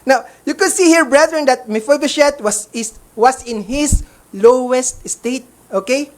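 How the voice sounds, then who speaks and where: A woman's voice: sits high, a little slow, a little mellow. A woman preaching a sermon, often calling her listeners brethren and checking in with them. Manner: calls listeners brethren, keeps checking in with okay.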